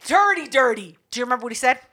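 High bright-voiced woman, profane storyteller. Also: expressive, rapid-fire. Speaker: podcast co-host. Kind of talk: casual podcast chat.

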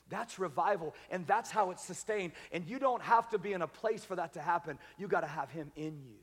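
A man preaching a sermon as pastor, building up to loud, emphatic calls and then dropping to quiet, intimate passages. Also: high voice, brisk, few pauses, breathy edge, long reverb tail. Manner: preaching with rising, shouted emphasis. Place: large church sanctuary.

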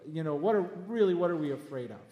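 A man preaching a sermon as pastor of his church, emphatic and animated, with quick asides. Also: on the high side, dull audio. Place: church hall. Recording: echoey church hall.

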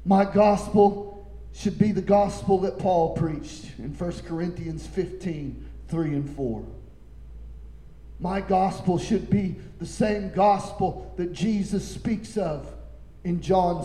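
Male preacher, high voice, slow deliberate delivery, impassioned sermon in an echoey room. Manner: impassioned, building to shouting.

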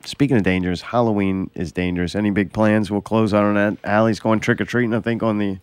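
Podcast host: young New man, crude and joking, lowish voice with a dry, close sound. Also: steady tone, fast talker, clear, resonant tone, no room sound. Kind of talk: casual chat.

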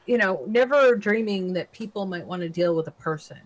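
A woman's voice: medium pitch, a little fast, poor audio. A woman hosting a talk radio show, chatting and reading news stories with blunt, sarcastic asides. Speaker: show host.

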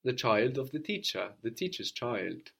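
A man's voice: mid-range voice, very animated, normal speed, vocal fry, a bit bright. A man teaching a language lesson, patiently prompting a student and repeating model phrases.

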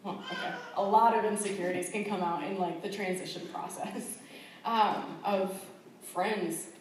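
Her medium-pitched voice stays fairly even and moves at a moderate pace as this woman missionary shares her testimony conversationally, full of fillers and laughs. Recorded in a very echoey church hall far from the mic, with slight background noise.

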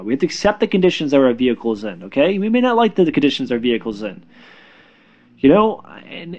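A man working as a spiritual healer shares casual, reassuring spiritual advice in a halting manner, repeating words and using fillers. His voice is mid-range with a darkish tone, and the sound is lo-fi.

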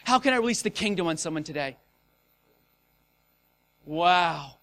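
Male preacher, high and bright, casual and energetic, bursts into loud acted-out moments. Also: a little slow. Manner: energetic, casual, animated with shouted acted-out scenes. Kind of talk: sermon.

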